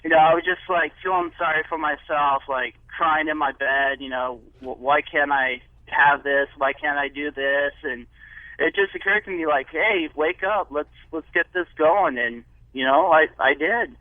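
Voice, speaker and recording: A man calling in as a guest, talking in a halting, hesitant way with lots of restarts. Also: fairly high pitch, no echo. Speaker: phone-in guest. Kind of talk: telephone interview. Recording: tinny phone line.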